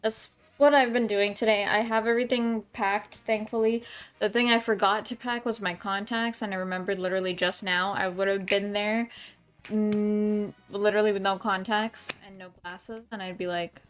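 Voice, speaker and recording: A woman's voice: medium pitch, fairly even intonation, normal speed, clear, resonant tone. A woman streamer chatting casually with her viewers at home, rambling with lots of ums and restarts. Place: home room.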